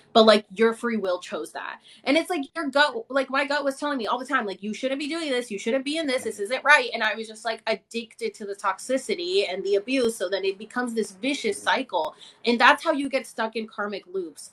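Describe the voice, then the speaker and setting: Bright-voiced woman chatting animatedly. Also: fairly high pitch. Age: 30s. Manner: animated storytelling, acts out inner voices. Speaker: host. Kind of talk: casual live chat.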